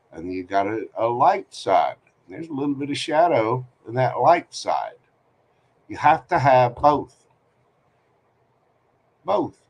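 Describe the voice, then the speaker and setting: Joking man reading tarot live. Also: mid-range voice. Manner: joking, candid, rambling advice. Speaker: tarot reader host. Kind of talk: live-stream reading chat.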